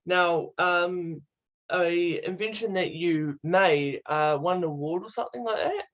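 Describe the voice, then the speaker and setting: A man's voice: sits high, unhurried, fairly bright tone, lo-fi sound. A man hosting a casual interview, upbeat, asking short questions and laughing. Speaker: podcast host.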